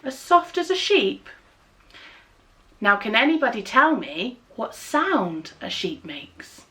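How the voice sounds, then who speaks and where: A woman's voice: on the high side, big pitch swings, slow, pushed and bright. An English woman leading a children's storytime, reading a picture book aloud and coaxing little ones to make animal sounds. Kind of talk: reading a touch-and-feel book to young children.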